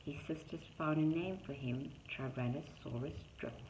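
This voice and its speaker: A woman with a low-pitched, darkish voice reads a rhyming picture book aloud to young children at a moderate pace. She uses a sing-song rhythm and adds chatty asides about the pictures. A little hiss or hum sits under the dull, echoey room sound.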